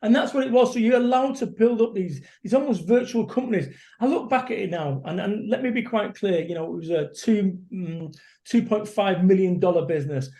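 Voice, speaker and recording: Middle-aged motivational speaker from Manchester; high, warm-toned, blunt and energetic. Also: male voice, fairly quick. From Salford, Manchester, England. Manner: blunt, energetic, swears casually. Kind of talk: casual interview chat.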